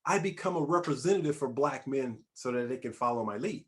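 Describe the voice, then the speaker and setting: In a conversational interview, a male talk show host questions his guest with a medium-pitched voice at a slightly fast pace. His manner is emphatic and animated, and he keeps restarting his phrases.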